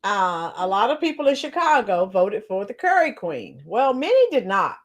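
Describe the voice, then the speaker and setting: A woman hosting a casual political livestream, greeting viewers by name with frequent fillers and throat clearing. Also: mid-range voice, very animated, moderate pace. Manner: clears her throat often. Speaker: political commentary channel host.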